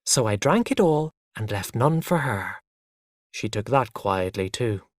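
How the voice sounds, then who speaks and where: A man reading a graded story aloud, slow and clear for learners. His intonation rises and falls in a lively way. The sound is dry and close. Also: fairly low pitch, dry recording. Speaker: story narrator. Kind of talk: graded reader story narration.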